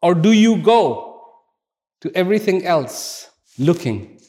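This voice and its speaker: A man's voice: sits high, sing-song, slow pace, mellow. A man telling a fable as a motivational speaker, emphatic and full of rhetorical questions. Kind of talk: storytelling motivational talk.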